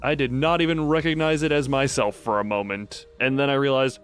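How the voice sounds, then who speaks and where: A young man chats casually on a late-night stream, with faint music in the background. His medium-pitched voice is steady and fairly bright, and he talks fairly quickly with few pauses, rambling and cutting himself off mid-sentence.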